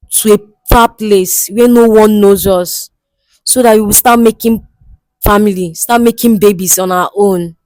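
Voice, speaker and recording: A woman's voice: medium pitch, darkish tone, no room sound, close to an everyday voice, rough recording. A woman acting a distraught young woman in a comedy skit, crying and pleading for help, repeating herself. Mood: troubled. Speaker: guest seeking help. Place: studio.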